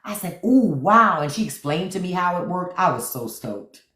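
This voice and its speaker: A woman hosting a casual livestream from home, telling playful stories with excited outbursts, speaking. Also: lowish voice, normal speed, echoey room. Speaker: livestream host.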